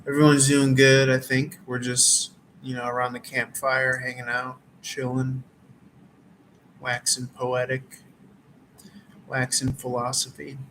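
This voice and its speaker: Male tarot reader, mid-pitched, flat delivery, rambling casual chat outdoors. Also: a little slow, slight background noise, poor audio. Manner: laid-back, meandering, many fillers. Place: outdoors around a campfire.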